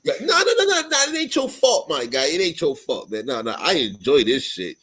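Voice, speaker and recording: New York man in his forties for a casual podcast: lively, swinging delivery, husky tone, heavy slang and swearing. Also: on the high side, fairly quick, poor audio. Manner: animated, profane, street slang. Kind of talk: casual chat.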